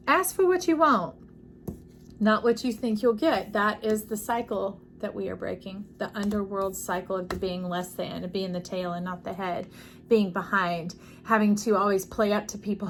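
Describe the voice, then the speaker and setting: A woman doing an intuitive tarot reading, chatting to the listener directly and drifting into lively stories. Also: mid-range voice, a little hiss or hum. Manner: chatty, warm-hearted, digressive storytelling with animated quoted voices; addresses listener directly as y'all and love. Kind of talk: casual spiritual tarot reading.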